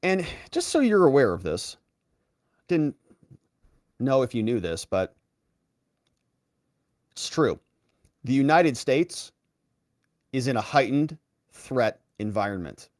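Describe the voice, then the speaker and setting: A man's voice: medium pitch, sing-song, slow, pauses often, a little mellow, no echo, studio quality. A man hosting a political commentary show, reacting to clips with sarcasm and mocking put-on voices.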